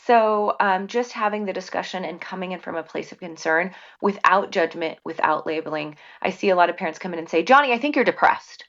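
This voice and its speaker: A woman's voice: fairly low pitch, a little fast, hardly any pauses, muffled recording. A woman pediatrician in her forties gives parents advice in an earnest conversational way, with frequent fillers and restarts. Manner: warm, earnest explaining with many fillers.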